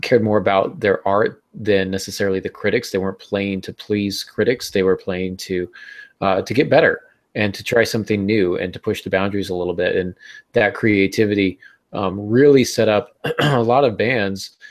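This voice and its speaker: A man co-hosting a podcast about writing, chatting casually, cracking easy jokes and speaking haltingly with many fillers. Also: lowish voice, fairly even intonation. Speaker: podcast co-host.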